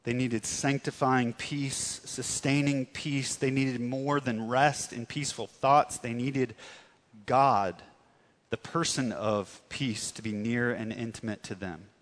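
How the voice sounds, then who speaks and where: A man preaching a sermon earnestly, stressing words and dropping to soft tones for emphasis. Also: mid-range voice, steady tone, slow, in a large hall. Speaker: pastor.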